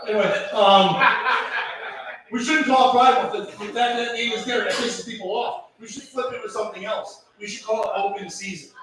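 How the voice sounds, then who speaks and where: A man's voice: high-pitched, brisk. A man doing a crude, rambling open mic stand-up set in a small comedy venue. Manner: deadpan, crude, rambling delivery. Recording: echoey room, voice from far off.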